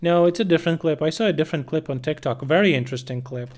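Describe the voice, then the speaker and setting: A man's voice: fairly high pitch, quick pace. A man streaming casual, profane commentary on war news, reading headlines and reacting bluntly. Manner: profane, blunt, bursts of loud laughter.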